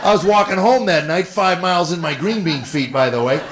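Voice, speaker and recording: A man's voice: high voice, brisk. A middle-aged man doing a stand-up comedy routine, telling stories and acting out voices. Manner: storytelling, animated, acting out voices. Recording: live club audio with audience noise.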